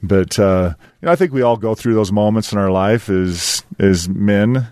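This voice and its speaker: With a fairly low, slightly mellow voice and a moderate pace, this man in his fifties co-hosts a show in a casual chat. He laughs often and rambles, leaning on plenty of fillers. The sound is dry and clean, studio-recorded.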